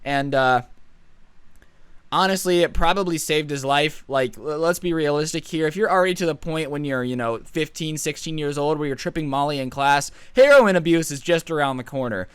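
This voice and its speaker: A man in his twenties telling a comedic high school story, sarcastic and animated. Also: clear, resonant tone, dry recording. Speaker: storytime vlogger.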